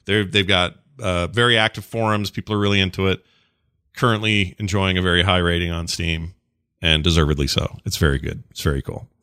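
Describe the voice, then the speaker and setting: A man's voice: low voice, fairly even intonation, pushed and bright, clean tone, no echo, clean studio sound. A man co-hosting a podcast, chatting casually and enthusiastically about a video game. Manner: enthusiastic, rambling, quick asides. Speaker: podcast co-host.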